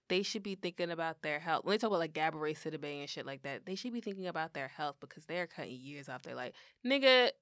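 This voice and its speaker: A woman's voice: fairly low pitch, a bit bright, dry recording, clean studio sound. A young woman co-hosting a podcast, ranting bluntly in casual slang. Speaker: podcast co-host. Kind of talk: casual chat.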